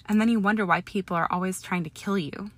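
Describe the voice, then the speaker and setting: A woman voicing a scornful, hot-tempered young male wizard who snarls and shouts in an audiobook reading. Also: medium pitch, fairly even intonation, fast, dry recording, natural voice. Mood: angry, shouting.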